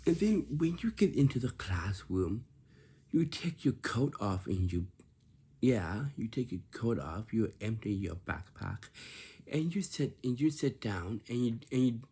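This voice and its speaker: A man's voice: medium pitch, very animated, unhurried, mellow, slightly rough. A man talking casually to camera, lecturing about lazy and rude behaviour and repeating himself often. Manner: repetitive, lecturing about manners.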